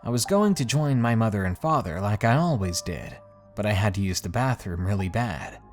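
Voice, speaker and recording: A man reading out a creepy first-person story as a scripted narration, with an expressive storytelling delivery. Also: lowish voice, normal speed, faint music behind.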